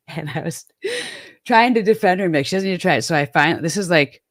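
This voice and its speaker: A woman's voice: on the low side, normal speed, dry recording, clean studio sound. Rambling Midwestern woman chatting. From American Midwest. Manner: rambling, self-deprecating, with frequent restarts and laughs. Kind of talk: casual chat.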